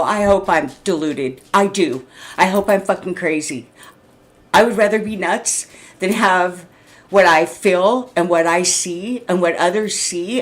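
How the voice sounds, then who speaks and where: A woman, venting in an unscripted vlog, agitated and rambling, laughing often and swearing. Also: mid-range voice. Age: 60s. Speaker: vlogger.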